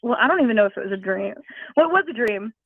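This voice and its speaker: A woman's voice: medium pitch, animated, very fast, vocal fry, husky, dry recording. A woman calling in to a show to tell a personal story, giggly and scattered, heard over a tinny phone line. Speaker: caller. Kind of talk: telling a personal story on a call-in.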